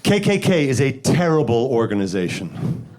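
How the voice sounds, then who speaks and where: A man from the Bronx, performing a stand-up comedy set with deadpan setups and sudden loud punchlines. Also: mid-range voice, normal speed, a crowd in the background. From the Bronx, New York. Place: comedy stage with live audience.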